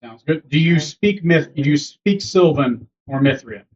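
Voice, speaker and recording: A man's voice: a little high, lively intonation, measured pace, darkish tone, slight background noise. A man narrating a tabletop game as game master, rambling with many fillers. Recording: dull lo-fi recording.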